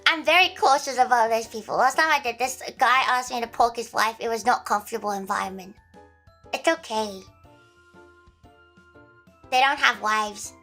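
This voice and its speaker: A woman's voice: a little high, normal speed, long pauses, bright, forceful tone, faint music behind, low-quality recording. A young woman livestreaming, chatting casually with viewers in a rambling, giggly way with plenty of swearing. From Australia.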